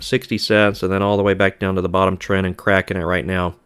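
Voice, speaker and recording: A man's voice: low voice, flat delivery, fast talker, fairly bright tone, smooth. A man hosting a live trading stream, talking to viewers in a frustrated way, sighing and repeating himself. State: aggravated.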